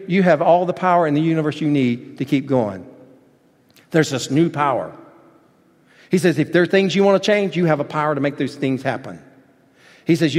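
A man preaching a sermon as pastor, emphatic, with rising shouted points and softer asides. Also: on the high side. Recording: long reverb of a large hall.

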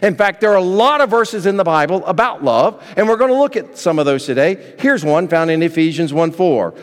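A man with a high voice preaches to his church, his words trailing into the long reverb of the sanctuary. He is animated and engaging, drawing the congregation in and getting them to read along with him. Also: brisk, clean tone. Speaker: pastor. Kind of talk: sermon.

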